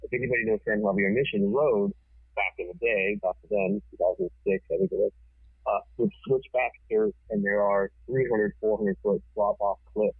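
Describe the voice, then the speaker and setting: A forceful man tells a wild story with casual swearing. His voice is low and husky and sounds tinny, as if over a phone line. The sound is dry and close. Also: normal speed, dry recording. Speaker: TV producer, podcast guest.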